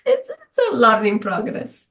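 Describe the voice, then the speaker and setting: A woman from Romania, a guest in an interview, talking reflectively in English with earnest, halting sentences and frequent restarts. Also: mid-range voice, wildly swooping pitch, fairly bright tone. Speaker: guest speaker.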